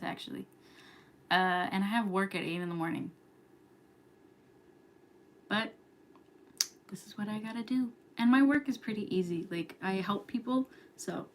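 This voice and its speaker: A woman's voice: mid-range voice, slight background noise. A young woman from New York hosting a casual late-night livestream, chatty and giggly, sometimes dropping to a whisper. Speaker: livestream host. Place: home at night.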